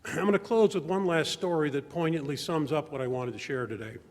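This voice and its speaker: An older man giving a personal testimony talk to his church, telling family stories in a measured, reflective way. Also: fairly high pitch. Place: large church sanctuary. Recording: long church reverb.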